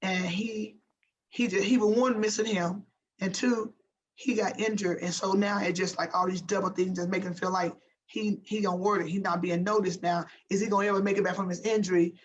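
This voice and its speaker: A woman in her fifties, a former pro basketball player, telling motivational stories in an interview with an emphatic, animated manner and a habit of repeating herself for emphasis. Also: medium pitch, poor audio.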